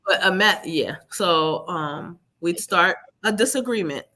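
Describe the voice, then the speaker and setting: A woman guest telling her own story in a live interview, animated and acting out what others said. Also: fairly low pitch, a little slow.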